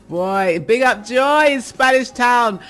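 A woman, hosting a livestream as DJ, reading chat names and giving shout-outs with frequent laughter. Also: on the high side. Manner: laughs often, warm chatter. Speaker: livestream DJ host.

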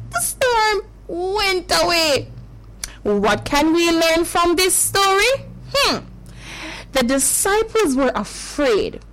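A woman's voice: sits high, fairly bright tone, rough recording. A woman telling a Bible story to children in a dramatic way, gasping and exclaiming as she goes. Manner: slow and drawn out.

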